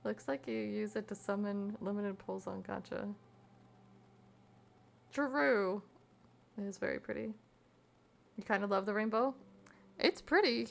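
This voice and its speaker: A young woman streams while she crafts, chatting easily with her viewers and reading their messages aloud between giggles. Her voice sits at an ordinary middle pitch, with a gravelly fry running through it. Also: steady tone, unhurried, long pauses. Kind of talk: casual chat with live chat while crafting.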